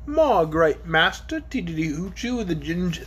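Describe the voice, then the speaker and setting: A man voicing a stern, crafty dragon messenger in a storybook, speaking slowly and gruffly. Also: sits high, very animated, very noisy.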